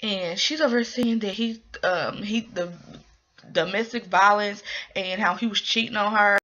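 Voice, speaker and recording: Rambling young woman with a bright voice. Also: mid-range voice, fairly even intonation, normal speed. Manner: rambling, full of ums and likes. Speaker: drama recap vlogger. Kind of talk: casual spoken recap. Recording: dull lo-fi recording.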